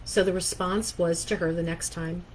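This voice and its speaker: A woman's voice: fairly low pitch, steady tone, normal speed, a little mellow, slight background noise, poor audio. A woman in her fifties, a workplace coach, talking conversationally and often checking in with "right?". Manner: conversational, keeps asking "right?". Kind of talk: talking-head coaching talk.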